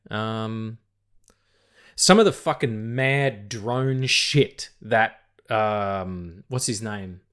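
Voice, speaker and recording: A man's voice: fairly low pitch, a bit bright. A man with an Australian accent hosting a podcast, rambling and swearing freely as he chats. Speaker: podcast host. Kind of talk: casual chat.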